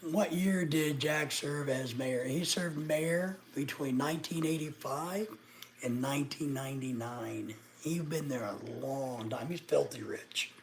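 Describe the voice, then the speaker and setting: A man's voice: fairly high pitch, a little slow, slight background noise. A middle-aged man from Arkansas, chatting casually with viewers on a livestream and teasing them sarcastically. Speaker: livestreamer answering chat.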